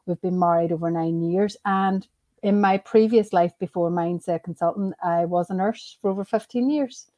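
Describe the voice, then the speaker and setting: A woman's voice: fairly low pitch, normal speed. A Northern Irish woman in her thirties, a mindset coach talking cheerfully as a podcast guest. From Northern Ireland. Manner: warm, cheerful, laughs easily. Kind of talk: conversational interview.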